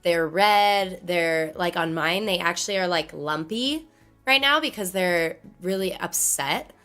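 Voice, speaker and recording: Hoarse woman live streaming, bright tense voice, blunt chatty talk, faint music in the back. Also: fairly low pitch, measured pace. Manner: blunt, chatty, explains with gestures. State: hoarse from laryngitis. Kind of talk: casual live-stream chat. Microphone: studio microphone.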